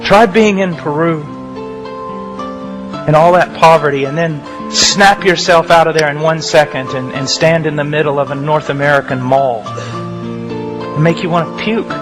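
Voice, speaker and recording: A man's voice: fairly high pitch, unhurried, over music. A man preaching a sermon, earnest and emphatic, repeating his key phrases.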